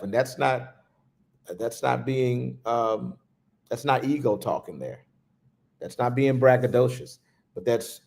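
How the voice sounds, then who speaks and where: Slow, gravelly-voiced spiritual teacher. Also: male voice, medium pitch. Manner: slow, reflective, with hushed pauses. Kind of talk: livestreamed spiritual talk.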